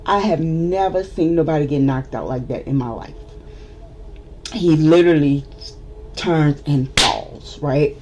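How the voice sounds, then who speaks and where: A woman's voice: low-pitched, measured pace, slight background noise. A woman telling a story to the camera in a casual storytime vlog, acting out the people involved. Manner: animated storyteller, acts out the other people. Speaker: vlogger.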